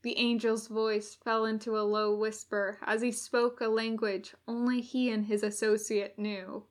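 A woman reading fan fiction aloud in a measured, unhurried way. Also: fairly high pitch, level tone. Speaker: podfic reader.

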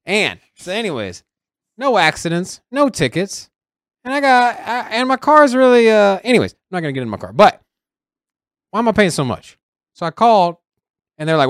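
Animated high-voiced man telling a story. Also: a little fast, smooth, no room sound, studio quality. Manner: animated storyteller, acts out other people's lines. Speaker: podcast co-host. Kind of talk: casual chat.

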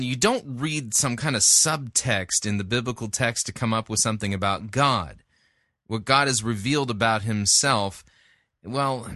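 A man's voice: mid-range voice, pushed and bright, no echo, studio quality. A man hosting a sermon review, talking casually and bluntly with frequent fillers. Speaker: host. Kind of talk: commentary.

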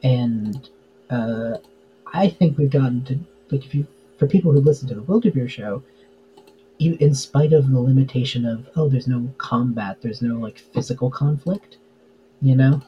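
A man's voice: mid-range voice, normal speed, lo-fi sound, slight background noise. A man chatting casually as a podcast guest, full of fillers and easy laughs. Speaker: podcast guest, tabletop game player. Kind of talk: casual interview chat.

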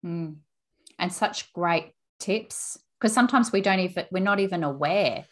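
Woman host, lower pitch, affirming, loose conversational delivery with restarts. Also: measured pace. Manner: warm-hearted affirming, storytelling with restarts. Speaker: interview host. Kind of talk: conversational interview.

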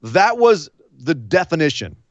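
A man hosting a casual podcast chat, animated and sarcastic. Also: fairly high pitch, measured pace, no echo. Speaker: podcast host. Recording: slightly dull lo-fi sound.

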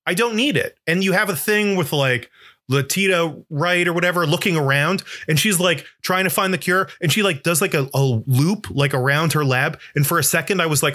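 Bright-voiced man rambling about a movie. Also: a little high, lively intonation, a little fast. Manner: rambling, heavy "like" fillers, emotional; swears when worked up. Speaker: podcast co-host. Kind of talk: casual film review chat.

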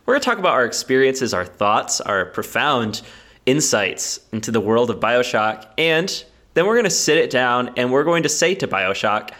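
Casting: male podcast co-host, bright tone, goofy and quick, laughs a lot. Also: medium pitch, big pitch swings. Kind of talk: casual comedic podcast chat.

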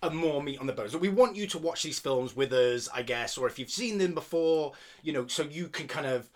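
A man's voice: on the high side, animated, brisk. A man co-hosting a casual film-review podcast, sweary and jokey, often laughing. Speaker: podcast co-host.

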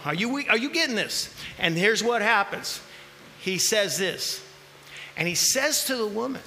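A man preaching a sermon, acting out the voices in the scripture he reads and rising to shouts at the high points. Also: normal speed, in a large hall, a little hiss or hum. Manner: animated, acts out voices in the scripture, shouts at peaks.

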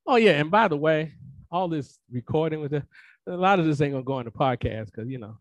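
A man's voice: a little high, lively intonation, quick pace, dry recording, muffled recording. A man preaching a sermon as pastor, emphatic and colloquial, repeating phrases for emphasis. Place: church sanctuary.

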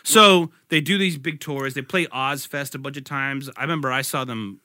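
A man in his forties tells a story on a podcast in a very bright, sharp voice. He rambles animatedly and keeps doubling back. The sound is close and dry, with no room around it. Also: mid-range voice, normal speed, no echo. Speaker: podcast co-host. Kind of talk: casual chat.

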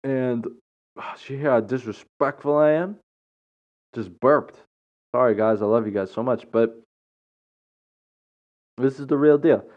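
A man's voice: medium pitch, measured pace, pauses often. A man hosting a podcast, telling a story in a casual, rambling way, full of fillers, restarts and chuckles. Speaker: podcast host. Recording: dull lo-fi recording.

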